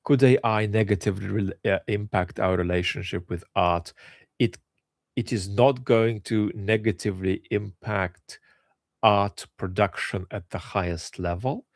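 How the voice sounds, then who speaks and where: Male host, middle-aged, very low voice, emphatic measured delivery with restarts. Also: fairly even intonation, no room sound. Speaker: host answering viewer questions. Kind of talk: solo Q&A talk.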